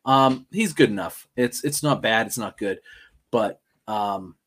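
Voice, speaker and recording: A man co-hosting a podcast, talking in a rambling, excitable way with lots of fillers and restarts. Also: lowish voice, measured pace. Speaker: podcast co-host. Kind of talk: casual chat.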